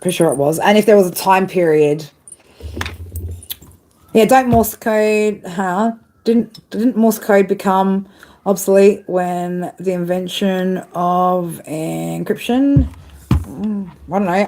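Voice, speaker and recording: A woman's voice: lowish voice, measured pace, a little mellow, slight background noise, poor audio. A woman chatting casually during a live tarot reading, laughing often and tagging "right?" onto her sentences. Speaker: tarot reader. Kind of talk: live-stream reading chat. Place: outdoors.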